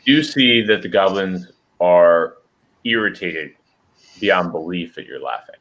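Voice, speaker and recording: Deep-voiced male game master. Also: measured pace, gravelly, dull audio. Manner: descriptive, steady narration. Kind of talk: narrating a tabletop game.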